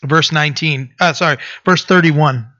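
A man preaching a sermon and reading scripture, talking haltingly with many fillers and restarts. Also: a little high, pushed and bright. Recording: dull lo-fi recording.

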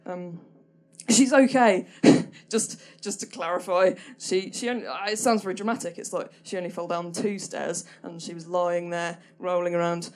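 A woman's voice: on the low side, steady tone, normal speed, darkish tone. A young woman telling a stand-up story on stage, hesitant and rambling, full of ums and restarts, with a dry, self-deprecating humour. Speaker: stand-up performer. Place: small comedy venue stage.

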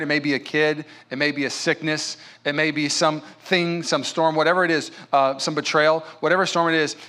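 Bright-voiced pastor preaching to a congregation. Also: male voice, mid-range voice. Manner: conversational, emphatic preaching with storytelling. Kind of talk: sermon. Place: church in front of a congregation.

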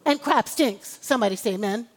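A woman preaching a sermon in a high, bright voice, her words ringing out with a long reverb in a church sanctuary. She builds her points in emphatic, rhythmic waves and calls on the congregation for amens. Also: a little fast. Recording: long reverb of a large hall.

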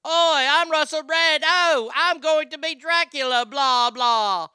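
Brash lazy celebrity doing a half-hearted vampire, put on by a man, loud and high. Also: slow pace, no echo, studio quality, heavily acted. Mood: mocking. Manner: loud, careless, mocking.

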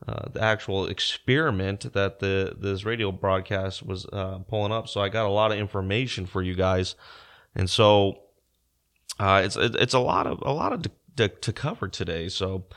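A young man with a very deep voice tells a story to his listeners in a casual, halting way. He fills his speech with ums and repeats himself as he goes. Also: a bit bright. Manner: halting, many fillers and restarts. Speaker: podcaster.

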